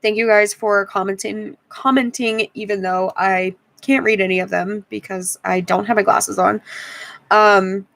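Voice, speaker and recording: A woman's voice: medium pitch, steady tone, measured pace, gravelly, fairly bright tone. A woman in her twenties venting in a tired, frustrated vlog rant, often repeating herself. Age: 20s. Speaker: YouTuber.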